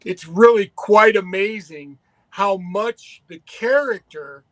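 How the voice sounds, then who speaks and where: A man's voice: sits high, slow, dry recording. A man co-hosting a casual podcast chat, talking in an enthusiastic, rambling way with restarts. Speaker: podcast co-host.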